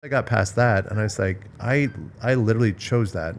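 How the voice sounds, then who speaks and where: Low-voiced frank man hosting a podcast. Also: fairly quick. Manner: frank and emphatic, with the odd swear word. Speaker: podcast host. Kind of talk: casual podcast conversation.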